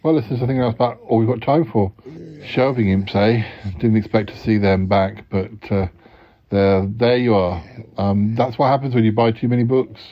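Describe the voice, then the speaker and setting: A man hosting an improvised comedy podcast comes across as hesitant and polite, often stammering. His voice is on the low side at a normal speed, and the recording sounds dull and lo-fi.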